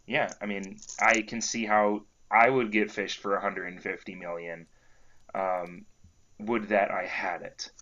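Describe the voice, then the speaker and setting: A man's voice: on the low side, level tone, measured pace, sharp tone. A young man co-hosting a casual comedy podcast, trading dry, teasing banter. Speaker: podcast co-host. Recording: slightly dull lo-fi sound.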